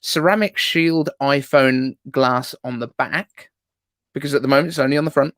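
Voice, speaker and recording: A man's voice: mid-range voice, moderate pace, fairly bright tone, no echo. A man guesting on a tech livestream, joking with dry humor. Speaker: guest YouTuber. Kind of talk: casual tech chat.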